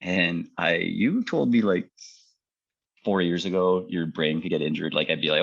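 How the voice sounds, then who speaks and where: A man, a paramedic, telling his personal story in a halting way, full of fillers and repeated words. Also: low-pitched, creaky, dry recording, muffled recording. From Canada. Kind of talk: personal testimony talk.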